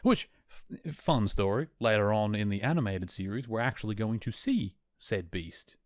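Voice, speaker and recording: A man's voice: on the low side, normal speed, no echo. A man hosting a podcast, chatting casually and enthusiastically as he recaps an episode, often correcting himself as he goes. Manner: chatty, enthusiastic, self-correcting, laughs now and then. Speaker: podcast host.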